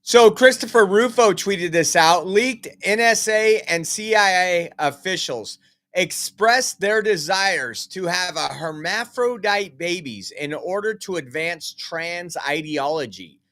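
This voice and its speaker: A man's voice: high-pitched, lively intonation, slow pace, a bit bright. A man giving casual political news commentary, reading out articles, emphatic and rambling with many fillers.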